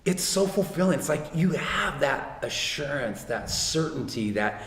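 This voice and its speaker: A man's voice: on the high side, lively intonation, unhurried, fairly bright tone. A middle-aged man speaking earnestly at a church gathering, telling a story and quoting others as he goes. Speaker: guest speaker. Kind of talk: conversational church talk. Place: church hall. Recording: echoey hall with long reverb, faint ambience.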